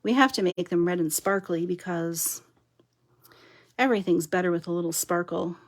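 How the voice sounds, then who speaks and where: A woman's voice: on the low side, moderate pace. A chatty, giggly woman talking to her viewers while she works on a papercraft project during a live stream. She says she is overtired and punchy. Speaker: papercraft demonstrator. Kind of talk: live-stream crafting chat.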